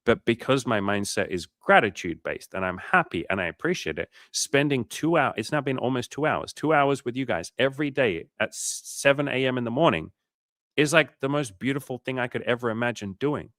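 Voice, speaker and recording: A man's voice: mid-range voice, lively intonation, brisk, fairly bright tone, no room sound, clean studio sound. A man coaching on a livestream in a casual, profane and fired-up way, talking emphatically. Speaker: dating coach.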